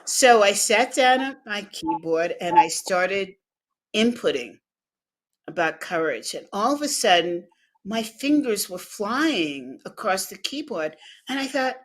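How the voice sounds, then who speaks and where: An American woman appears as a guest in an interview, telling stories slowly and animatedly, acting out dialogue and laughing. Her voice sits at a medium pitch.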